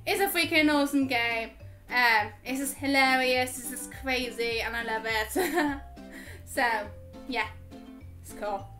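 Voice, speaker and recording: Giggly high-voiced woman vlogger. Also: a little slow, a bit bright, faint music behind. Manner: chatty, giggly, frequent laughs and fillers. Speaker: gaming YouTuber. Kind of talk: casual Q&A vlog chat.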